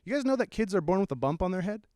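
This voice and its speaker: A young man doing stand-up in a lively, playful way, his voice pitched high. The sound is close and dry, with no room around it. He jumps between his own telling and quick character voices. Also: dry recording. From small town south of the Bay Area, California. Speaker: stand-up comedian. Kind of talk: stand-up comedy set.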